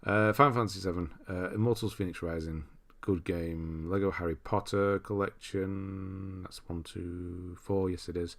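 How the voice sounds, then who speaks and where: A man's voice: low voice, steady tone, normal speed. A young British man hosting a casual livestream, chatting loosely, reading out viewer comments and laughing often. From Britain. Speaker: livestream host.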